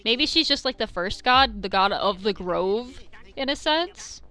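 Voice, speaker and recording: Bright-voiced woman musing over a game. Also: on the high side, lively intonation, a little slow, faint music behind. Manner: musing, hesitant thinking aloud. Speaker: let's-play host. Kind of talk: casual gaming commentary.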